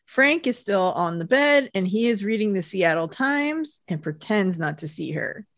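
A woman's voice: mid-range voice, expressive, a little slow, no room sound, studio quality. Easygoing woman podcast co-host. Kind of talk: casual chat.

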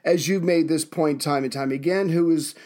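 A man co-hosts a laid-back history podcast. His voice sits fairly high, and he talks in quick banter. He fires short asides back at his partner. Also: a little mellow. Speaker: podcast co-host. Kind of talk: casual history podcast chat.

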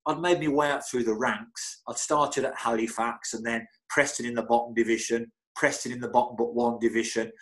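A middle-aged man, a football physio, telling anecdotes in an interview with lively energy, often stammering and repeating words. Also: medium pitch, fairly quick, few pauses, low-quality recording. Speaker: football club physio, guest.

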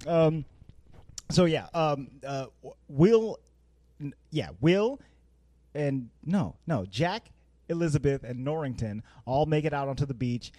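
Man, casual movie recap, lively swooping pitch, dry close sound, playful. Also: measured pace, no echo. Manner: playful, laughs often, hesitant fillers.

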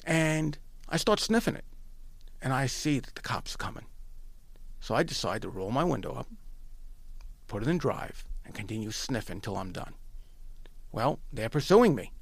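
A man from Long Island telling his story in a casual, animated way, repeating phrases and often restarting. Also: medium pitch, normal speed, vocal fry, pauses often. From Long Island, New York.

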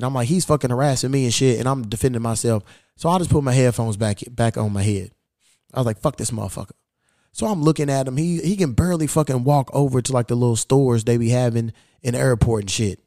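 Profane, rambling podcast host, dark tone. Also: male voice, mid-range voice, dry recording, clean studio sound. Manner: profane, rambling, animated when retelling. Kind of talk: casual storytelling.

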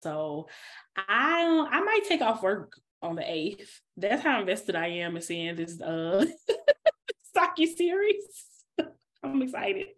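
Woman cohost, laughs a lot, chatty and animated. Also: mid-range voice, slow pace. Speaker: podcast co-host. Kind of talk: casual chat.

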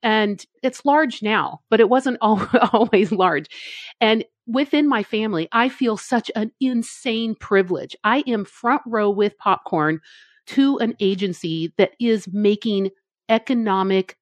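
A woman's voice: mid-range voice, unhurried, no echo. A woman guest on an interview podcast, a CEO, chatting casually and enthusiastically, acting out her own thoughts in quotes. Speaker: guest, marketing agency CEO.

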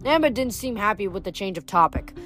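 A woman reading a novel aloud chapter by chapter, in a plain steady way with small slips. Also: medium pitch, brisk, faint music behind. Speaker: audiobook reader.

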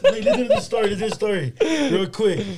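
High-voiced young man telling stories. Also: fast talker, crowd noise. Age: young adult. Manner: animated storyteller, laughing, slangy. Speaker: podcast co-host. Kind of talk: casual chat.

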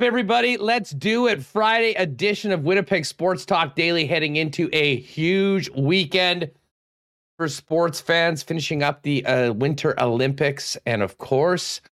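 Man, sports talk host, energetic, fillers, voice going hoarse. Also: fairly high pitch. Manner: energetic, loose, with many fillers. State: losing his voice. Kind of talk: casual radio sports talk.

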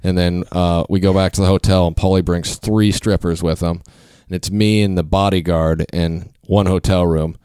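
A man's voice: low-pitched, normal speed, few pauses, clear, resonant tone, no room sound, clean studio sound. A man hosting a podcast, telling a loose, swearing anecdote and acting out what other people said. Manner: relaxed, swears freely, acts out other people's lines. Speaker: podcast host. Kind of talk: casual storytelling chat.

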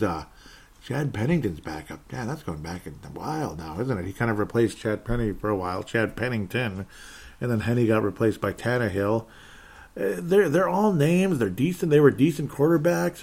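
A man hosting a solo football podcast, recapping the week's games in a sarcastic, rambling way, with sighs and chuckles. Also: lowish voice. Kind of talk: casual solo sports recap.

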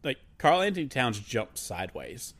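A man co-hosting a casual sports podcast, animated and mocking, laughing as he talks. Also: medium pitch, normal speed. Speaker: podcast co-host.

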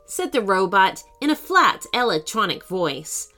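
A woman narrating a children's story as host of a podcast, in an expressive, sing-song storyteller's manner. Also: medium pitch, unhurried, faint music behind.

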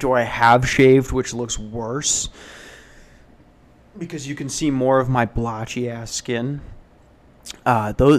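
A young American man hosting a casual solo podcast, rambling and self-deprecating as he tells stories, now and then jumping into high mock voices. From United States. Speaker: podcast host. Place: hotel front desk.

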